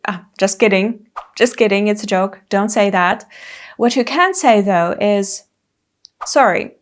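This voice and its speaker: A woman in her thirties teaching an English lesson, speaking clearly and carefully and acting out example phrases. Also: mid-range voice, a little slow.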